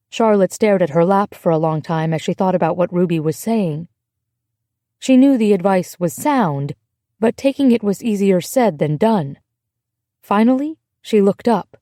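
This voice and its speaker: Mellow woman narrating an audiobook. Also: on the low side, dry recording, studio quality. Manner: measured, emotive storytelling. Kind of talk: scripted narration.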